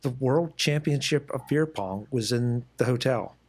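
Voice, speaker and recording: A man from the East Coast of the United States hosts a relaxed podcast interview over a video call. His voice sits in an ordinary middle pitch, and he talks in a chatty, storytelling way. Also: measured pace, husky. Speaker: podcast host. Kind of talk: casual interview chat.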